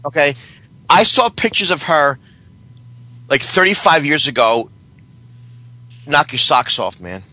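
A man's voice: a little high, sing-song, a little slow, long pauses, pushed and bright. A man calling in to a podcast, rambling and stammering through his stories. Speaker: caller. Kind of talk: casual phone-in chat.

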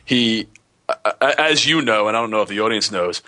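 A man co-hosting a radio show, telling animated everyday anecdotes in casual chat, with lots of fillers. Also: lowish voice, fairly quick. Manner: animated anecdotes, filler-heavy, laughs at his own stories.

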